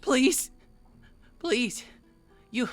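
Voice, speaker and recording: A woman's voice: high voice, lively intonation, very slow, over music, heavily acted. A woman voicing a frantic shapeshifting spirit. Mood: begging. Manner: pleading, stammering, frantic. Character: panicked shapeshifting spirit, young man's form.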